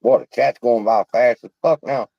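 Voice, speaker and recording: A man's voice: medium pitch, fairly even intonation, moderate pace, gravelly, no echo, dull audio. A man hosting a livestream, ranting in a blunt, profane, fired-up way. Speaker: livestream host. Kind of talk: heated casual livestream rant.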